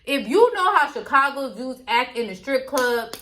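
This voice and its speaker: Woman vlogger, candid storytime chat; bright, slightly high voice. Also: very animated, moderate pace, slight background noise. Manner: candid, chatty, talks straight to viewers.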